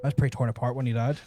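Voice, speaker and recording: A man's voice: medium pitch, darkish tone. A man hosting a podcast, chatting casually over gameplay with crude, teasing jokes. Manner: crude, teasing banter with mock voices. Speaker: podcast host.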